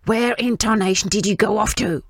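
A woman voicing a gruff, impatient old male miner from her story. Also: medium pitch, moderate pace, no room sound, clean studio sound, pitched above the performer's own voice, natural voice. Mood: exasperated.

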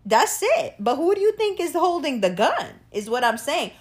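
A young woman hosting a casual monologue, profane and animated, often laughing and asking rhetorical questions. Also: high voice, moderate pace, few pauses.

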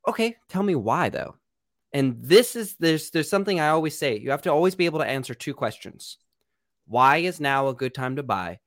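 A man's voice: fairly high pitch, very animated, a little fast, a bit bright, no room sound, studio quality. A man, a real estate coach and podcast guest, explaining his ideas boldly and emphatically. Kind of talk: podcast interview.

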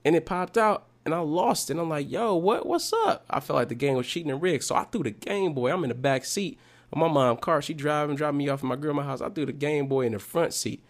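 A man telling a personal childhood story to viewers in a casual, slangy, animated way, drawing a life lesson from it. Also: on the high side, fast talker. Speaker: motivational speaker.

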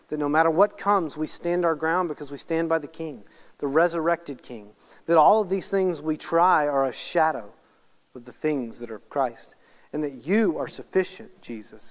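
A man giving a sermon at an evening Bible study, telling a personal story in an animated way and then praying. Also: fairly high pitch. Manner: animated storytelling, laughs at himself. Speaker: guest preacher. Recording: reverberant hall sound.

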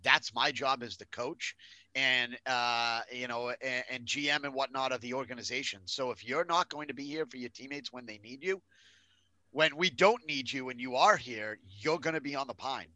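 A man's voice: medium pitch, normal speed, pushed and bright, no echo, low-quality recording. A man hosting a casual sports talk show, blunt and profane, often laughing along. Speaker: podcast host.

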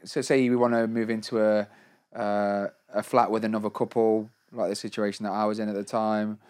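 Chatty podcast co-host. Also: male voice, lowish voice, level tone, brisk, darkish tone, clean tone. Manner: chatty, quotes himself, British slang. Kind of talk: casual chat.

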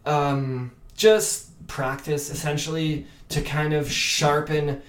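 Animated French-speaking Canadian man. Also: a little high, takes it slowly. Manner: animated, many restarts and fillers. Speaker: actor and podcast guest. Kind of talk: casual interview chat. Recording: echoey room.

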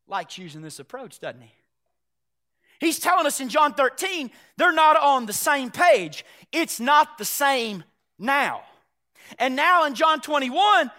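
A male pastor preaching a sermon, telling a Bible story with acted-out dialogue and swings from shouts to hushed tones. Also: extremely high pitch.

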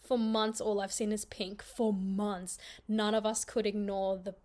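A woman's voice: mid-range voice, little pitch movement, a little mellow. A woman hosting a podcast, playful and giggly in casual chat. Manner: playful, giggly, drawn-out words. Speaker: podcast host.

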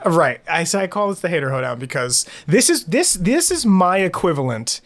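Guy cohost ranting sarcastic about a review, kinda high voice. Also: normal speed. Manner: sarcastic, animated ranting with laughs. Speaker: podcast co-host. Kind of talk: casual chat.

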